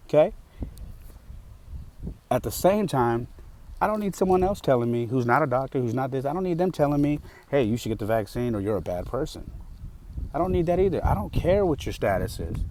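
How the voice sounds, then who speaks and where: A man's voice: medium pitch, mellow, a little hiss or hum. A man hosting a podcast, telling a story in a casual, emphatic monologue full of fillers. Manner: emphatic, heated, with frequent fillers. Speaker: podcast host.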